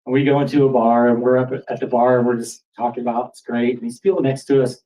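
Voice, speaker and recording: A man telling a true story at a live storytelling event in a pub, animated and building excitement. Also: mid-range voice, fast, distant mic, rough recording. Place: pub stage before an audience.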